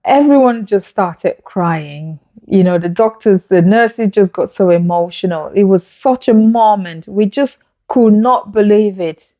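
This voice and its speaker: A woman speaks straight to camera in a mid-pitched voice, telling her own story earnestly and with feeling. The sound is a little dull, as from a phone recording. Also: unhurried. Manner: earnest, emotional retelling with acted-out dialogue. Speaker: vlogger.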